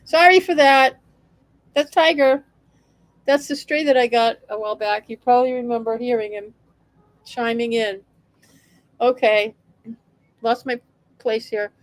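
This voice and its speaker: A woman's voice: a little high, a little slow, long pauses, no room sound, poor audio. A woman vlogger giving casual, wry commentary on local town politics, chatty and sarcastic with many restarts.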